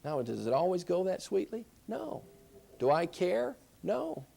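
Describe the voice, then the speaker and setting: A man's voice: high voice, huge pitch swings, a little slow, vocal fry, mellow. Emphatic male counseling lecturer. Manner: emphatic, repeats key phrases, asks rhetorical questions. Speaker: Christian counseling instructor. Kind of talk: classroom lecture.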